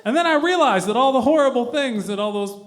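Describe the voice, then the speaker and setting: Male stand-up comedian, animated storyteller with a lively, swooping delivery. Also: extremely high pitch, fast. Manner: loose storytelling with casual swearing.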